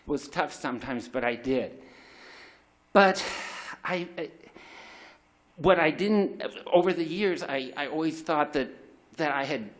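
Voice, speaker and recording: A man's voice: fairly high pitch, measured pace, long pauses, a bit bright. A middle-aged man telling a raw, confessional personal story at a live story slam, swearing freely and restarting his sentences.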